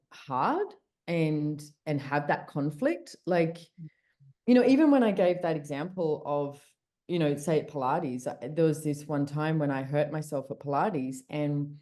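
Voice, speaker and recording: A woman's voice: sits low, warm tone. A woman talking candidly on a video call, chatty, with restarts and the odd swear word. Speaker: podcast host and guest speaker. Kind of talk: casual call conversation.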